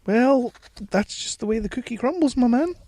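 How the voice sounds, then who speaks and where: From a small home studio shed, a man co-hosts a casual podcast in a very high, animated, slightly mellow voice at a moderate pace, with no echo. He reads quiz questions aloud and teases his co-host, swearing a lot.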